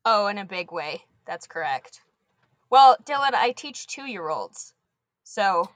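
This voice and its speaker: Animated young woman with a bright voice. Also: mid-range voice, slow, dry recording. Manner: animated storyteller, swears casually. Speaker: guest, preschool teacher. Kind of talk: casual podcast chat.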